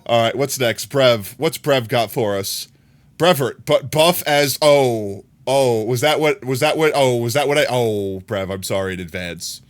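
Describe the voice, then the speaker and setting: A man chatting casually with his viewers on a live stream, playful and teasing, laughing often and breaking into high squeals. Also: measured pace.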